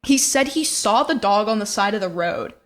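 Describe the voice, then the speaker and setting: A woman's voice: mid-range voice, expressive, moderate pace. A young woman co-hosting a podcast, telling stories in casual chat full of fillers. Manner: chatty storyteller, many fillers. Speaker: podcast co-host.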